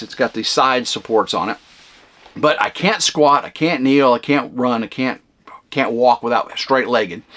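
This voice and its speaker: A man hosting a vlog, rambling casually at home in a camper cabin, loud and flamboyant with lots of fillers. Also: mid-range voice. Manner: loud, big flamboyant talker. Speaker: vlog host.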